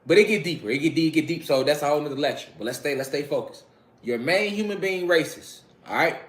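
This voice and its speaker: Man, conversational spiritual lecture, emphatic, repetitive, swears freely, slightly raised pitch. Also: quick pace, husky. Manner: emphatic, repeats key phrases, checks in with listeners; loose, conversational, with frequent swearing. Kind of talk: casual documentary monologue.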